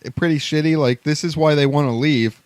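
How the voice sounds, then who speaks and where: A man's voice: a little high, a little fast, darkish tone, no room sound. Dry-voiced male podcast co-host. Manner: dry, teasing banter. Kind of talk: casual chat.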